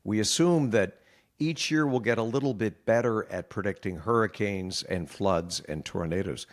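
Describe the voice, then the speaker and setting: A middle-aged meteorologist in a conversational interview, explaining earnestly and sounding worried. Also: male voice, fairly low pitch, moderate pace. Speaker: meteorologist guest.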